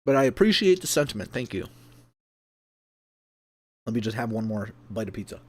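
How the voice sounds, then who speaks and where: A man's voice: on the low side, very animated, normal speed, dry recording. A man hosting a casual livestream from home, chatty and self-deprecating, laughing often and eating between remarks. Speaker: sumo livestream host.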